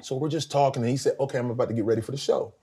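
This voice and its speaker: A middle-aged man from South Carolina, a guest telling lively stories in a casual interview, acting out quotes with big jumps in his voice. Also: very fast, husky. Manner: animated storyteller, acts out quotes with big pitch jumps. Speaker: guest, former band vocalist.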